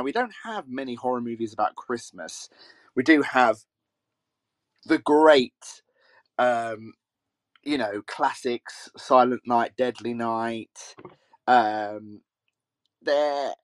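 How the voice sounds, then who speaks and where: A man's voice: mid-range voice, no room sound. A man hosting a podcast in a chatty, rambling way, often correcting himself. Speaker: podcast host. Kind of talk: casual solo podcast chat.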